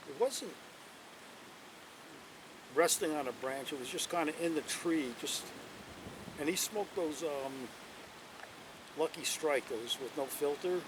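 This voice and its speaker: A man's voice: on the high side, takes it slowly, pauses often. A man telling a long story in a rambling, casual way, with lots of "you know" and restarts, outdoors at night. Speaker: interviewee telling a local story. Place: outdoors at night near a bonfire. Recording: distant mic, loud wind and outdoor noise.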